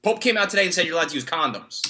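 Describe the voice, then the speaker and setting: A man's voice: on the high side, animated, rapid-fire, bright, forceful tone. A man co-hosting a podcast, ranting about the news in emphatic, profane banter. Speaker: podcast co-host.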